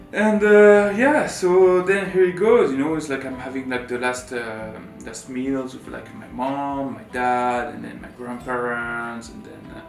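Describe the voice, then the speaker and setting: A man from France, telling a personal story as co-host in a rambling, animated, filler-heavy way. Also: mid-range voice, unhurried, creaky. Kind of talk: casual storytelling chat. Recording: roomy room with faint guitar music.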